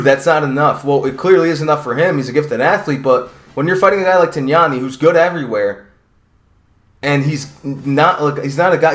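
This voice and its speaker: A man's voice: fairly high pitch, fairly bright tone. Male fight commentator, casual and profane, rambling delivery, echoey room. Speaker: combat sports commentator. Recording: roomy echo.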